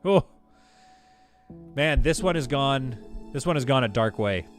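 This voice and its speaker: A man's voice: medium pitch, expressive, measured pace, soft background music. A man streaming a game live, thinking aloud as he plays, chatting with viewers and laughing easily. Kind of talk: live gameplay commentary.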